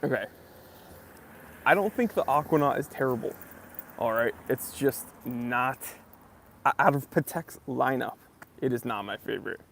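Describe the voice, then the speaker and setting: Chatty young man, gravelly voice. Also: mid-range voice, lively intonation, normal speed, long pauses, fairly bright tone, a little hiss or hum. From southern New Hampshire. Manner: chatty, greets viewers by name. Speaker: live-stream host. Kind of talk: casual live-stream chat.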